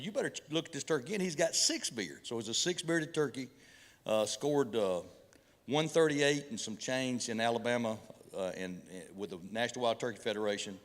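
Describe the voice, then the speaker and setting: A middle-aged pastor spins folksy hunting stories into a sermon, stumbling and restarting as he goes. He mixes humor with preaching in a relaxed, homespun way. His voice rings through a large church hall with a long reverb tail. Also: lowish voice.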